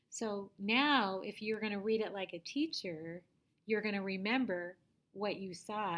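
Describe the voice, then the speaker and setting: A woman teacher giving a reading lesson to young children, patiently asking them questions and sometimes dropping to a soft whisper. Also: mid-range voice.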